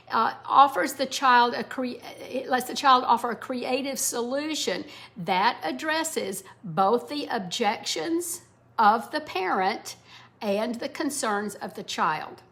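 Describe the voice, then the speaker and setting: Woman, middle-aged parenting educator, slightly high voice, explanatory lesson tone. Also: fairly bright tone. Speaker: parenting educator, former English teacher. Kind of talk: instructional talk to parents.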